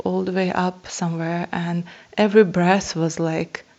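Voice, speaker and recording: A woman with a lowish voice tells a personal spiritual story, earnest and awed, and often pauses with soft laughs. The recording is dull and lo-fi. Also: flat delivery. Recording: dull lo-fi sound.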